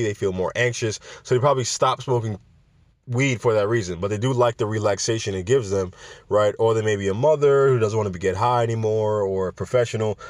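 A man's voice: fairly low pitch, dry recording. A man hosting a casual podcast, talking straight to his listeners in a loose, profane, rambling way, often tripping over words and restarting. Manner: addresses listeners directly with questions. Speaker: podcast host. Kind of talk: casual cannabis business podcast.

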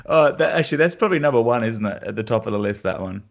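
A man's voice: mid-range voice, very fast, gravelly. A man with an Australian accent, a guitarist telling stories and laughing in a casual chat. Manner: animated anecdotes with laughs. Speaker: guest guitarist. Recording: dull lo-fi sound.

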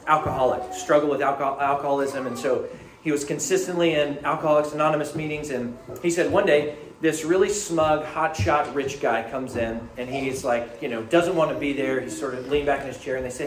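A man's voice: medium pitch, steady tone, fairly quick. A man preaching a sermon as pastor, talking in a conversational, earnest storytelling way. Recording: echoey room, faint ambient noise.

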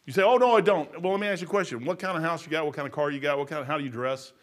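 A man's voice: on the high side, racing. Folksy preacher man. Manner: folksy, storytelling, gets loud and animated telling jokes. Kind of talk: sermon.

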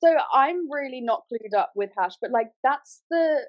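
A woman's voice: high-pitched, animated, moderate pace, dull audio. A woman from England co-hosting a casual podcast chat, bubbly, laughing often and swearing casually.

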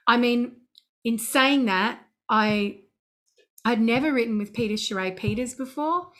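A middle-aged woman, a songwriter chatting in an interview, animated and talkative. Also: on the high side, a little slow. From Australia. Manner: chatty and animated, breaking into sung scat syllables. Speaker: songwriter guest. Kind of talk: casual interview chat.

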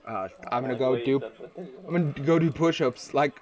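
A man's voice: mid-range voice, moderate pace, a crowd in the background. A man playing a tabletop role-playing game, talking in a rambling, hesitant way full of fillers and restarts. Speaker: player. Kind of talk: casual tabletop game play.

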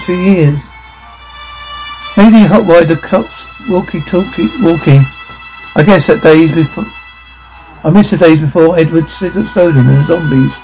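A man's voice: fairly high pitch, vocal fry, warm tone, rough recording. A man playing a lonely radio operator who has been cut off for years. He calls out in urgent radio call signs, as part of a script read-through where he voices every role.

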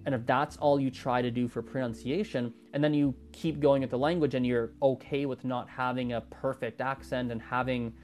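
A man's voice: medium pitch, steady tone, moderate pace, hardly any pauses, darkish tone, faint music behind. A man hosting an improvised solo podcast, thinking aloud and often correcting himself mid-sentence. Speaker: podcast host.

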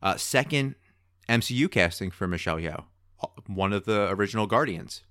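A man co-hosting a podcast in casual chat, talking in an excitable, rambling way. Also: fairly low pitch, normal speed, smooth, no room sound, studio quality. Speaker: podcast co-host.

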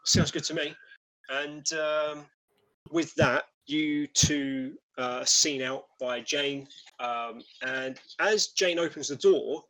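A man narrating a tabletop game as game master, chatty and halting. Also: a little high, pushed and bright, poor audio. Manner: chatty, with frequent fillers and restarts.

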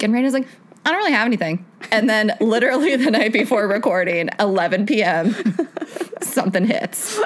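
Woman co-host, mid pitch, very lively intonation, chatty laughing storyteller. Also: brisk. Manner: animated storyteller, laughing often. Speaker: podcast co-host. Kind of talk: casual chat.

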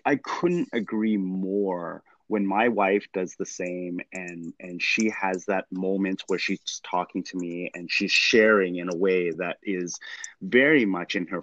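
A man hosting an interview, warmly affirming what his guest says. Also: low-pitched, no echo, muffled recording. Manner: agreeable, affirming. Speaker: podcast host. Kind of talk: interview conversation.

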